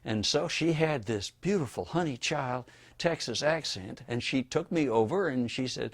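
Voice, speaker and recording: An older man from Florida being interviewed for an oral history, telling wry anecdotes in a relaxed storytelling manner. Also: medium pitch, normal speed.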